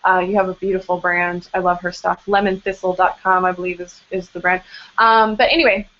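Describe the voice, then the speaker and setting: A woman's voice: lowish voice, flat delivery, fairly quick, fairly bright tone. Chatty young woman on a muffled video call. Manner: chatty and upbeat, many "um"s and self-deprecating asides. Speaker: blog coach hosting a live Q&A. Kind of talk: casual live webinar advice. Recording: slightly dull, muffled video-call audio.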